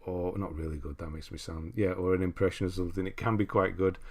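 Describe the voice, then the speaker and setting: A deep-voiced English man hosting a gaming livestream. He chats casually, reads out viewer comments, laughs easily and often restarts his sentences. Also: steady tone, fast talker. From England. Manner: chatty, easygoing, laughs often, frequent restarts. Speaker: livestream host.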